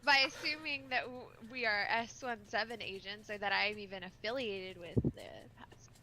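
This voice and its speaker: A woman's voice: mid-range voice, steady tone, moderate pace, sharp tone, slight background noise, poor audio. A woman playing a tabletop game, speaking partly in character with a haughty, playful manner. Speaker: player. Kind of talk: tabletop role-play.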